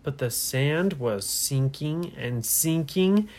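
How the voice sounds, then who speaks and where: Slow, low-voiced woman telling a bedtime story. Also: expressive. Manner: hushed, slow, asks the listener questions. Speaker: storyteller to children.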